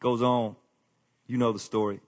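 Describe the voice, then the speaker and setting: A man's voice: mid-range voice, flat delivery, normal speed, a little mellow. Folksy preaching man, rising emphasis. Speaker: pastor. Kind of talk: sermon.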